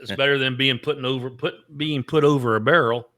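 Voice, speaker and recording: A man's voice: mid-range voice, steady tone, brisk, pushed and bright. A man co-hosting a casual podcast, reading out trivia and telling rambling jokes. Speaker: podcast co-host. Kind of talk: casual chat.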